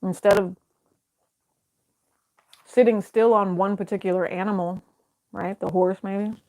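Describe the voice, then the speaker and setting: A woman at a medium pitch talks through a tarot spread in an easygoing, conversational way. She muses aloud, trails off and circles back as she interprets each card. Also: fairly even intonation, a little slow, mellow. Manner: thinks aloud, hesitant, many fillers and restarts. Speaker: tarot reader. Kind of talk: casual tarot reading to camera.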